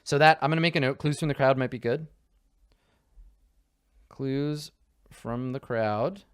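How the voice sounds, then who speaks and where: A man casually talking through tabletop character creation, excitable, laughing and swearing freely. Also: medium pitch, measured pace, smooth, no echo, clean studio sound. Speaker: tabletop game player.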